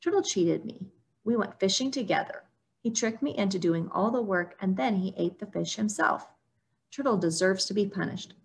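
A woman's voice: medium pitch, expressive, normal speed, vocal fry. A woman voicing a greedy, lazy male spider trickster in a storybook reading, eager and whiny.

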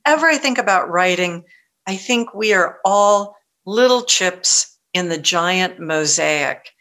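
A middle-aged woman with a bright, forceful tone and a slightly low pitch, talking about her writing as an interview guest. She tells her stories with lively energy, restarting her sentences and acting out what others said. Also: a little slow. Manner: animated, frequent restarts, quotes others in lively voice. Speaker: novelist guest. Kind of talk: conversational interview storytelling.

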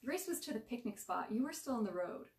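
A woman's voice: on the high side, animated, fast talker, a little mellow, distant mic, pitched above the performer's own voice. A woman voicing a smug preteen boy who prods and jokes at his younger brother. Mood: teasing. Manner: smug, prodding, joking. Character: cocky teasing preteen boy, the older brother.

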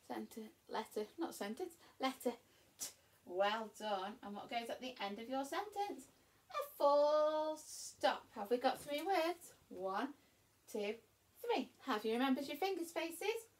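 Animated, high-voiced woman teaching young children. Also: a little slow. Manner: sing-song, encouraging, exaggerated for young children. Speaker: primary school teacher. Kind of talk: remote phonics and reading lesson for young children.

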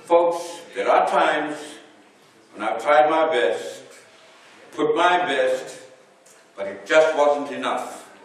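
A man preaching slowly and deliberately, his voice rising and falling in wide, lively swings. He sounds a little far from the mic, and his words ring through a very echoey hall. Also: on the high side. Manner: animated preaching, swelling and dropping his voice. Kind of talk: sermon.

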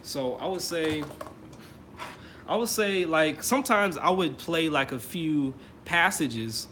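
Man teaching trumpet, halting and casual. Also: a little high, a little hiss or hum. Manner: relaxed, halting explanation with many fillers and restarts. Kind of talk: online masterclass teaching. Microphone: computer mic on a video call.

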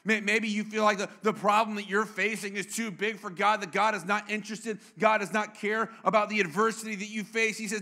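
A man's voice: high voice, fairly even intonation, a little fast, few pauses, bright, forceful tone. A man preaching a sermon to a congregation, playful and quizzing the room with questions. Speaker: pastor. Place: church.

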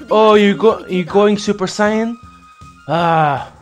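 High-voiced, foul-mouthed gaming man. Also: slow pace. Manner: excitable, profane, trash-talking the game. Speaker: gaming YouTuber. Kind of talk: let's play commentary. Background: faint game music.

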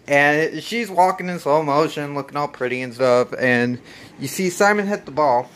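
A man's voice: fairly high pitch, moderate pace, fairly bright tone. A man hosting a casual, profane movie recap, laid-back and laughing often. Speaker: host.

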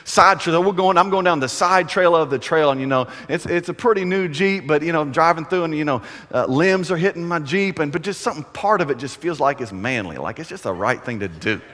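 A man's voice: a little high, brisk, few pauses, fairly bright tone. A middle-aged man preaching a sermon, telling a funny story in a chatty, humorous way. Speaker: pastor. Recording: echoey hall.

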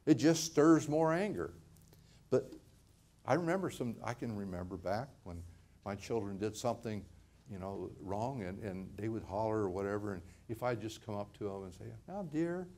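A man's voice: fairly low pitch, normal speed, a little mellow. An older man, a pastor, preaching a sermon in a conversational way, often repeating words and laughing lightly.

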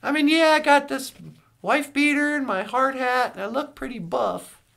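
Brief: cheerful rambling male frog puppet, high and gravelly, telling a joke. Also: fairly even intonation, normal speed, a bit bright, full character voice. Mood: joking. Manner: rambling storyteller with restarts and asides. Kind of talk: comedic call-in impression.

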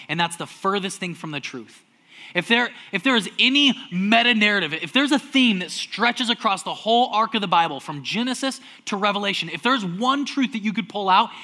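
A young adult man preaching a sermon as pastor, animated, swinging between loud acted-out outbursts and hushed, almost whispered lines. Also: sits high.

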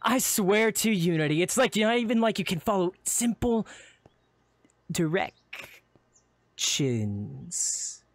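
A man's voice: mid-range voice, fairly quick, few pauses, no echo, close to an everyday voice. A man voicing a bossy, impatient young woman who scolds sharply. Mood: scolding. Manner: scolding, snappy.

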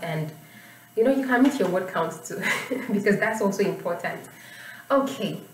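Female exam tutor, lowish voice, patient explainer, sits back from the mic in an echoey room. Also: darkish tone, distant mic. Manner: patient, repeats points with "you know" and "okay?". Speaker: IELTS teacher.

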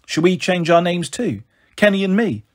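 A man's voice: high voice, lively intonation, moderate pace. A man voicing an eager young girl who is earnest and bossy with her little brother. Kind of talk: audiobook character voice.

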